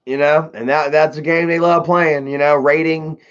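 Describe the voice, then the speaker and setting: A man's voice: on the high side, flat delivery, normal speed. A young man on a livestream, telling loose, profane stories in a slightly raised voice. The audio is dull and lo-fi, like a cheap stream mic. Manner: swearing, laid-back storytelling. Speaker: livestream host. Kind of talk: casual storytelling livestream.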